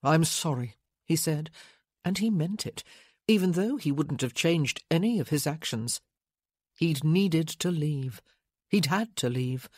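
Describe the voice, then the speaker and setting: Woman reading a romance novel, low husky voice, real dry close sound. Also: expressive, a little slow, a little mellow, no echo. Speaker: audiobook narrator. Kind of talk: scripted narration.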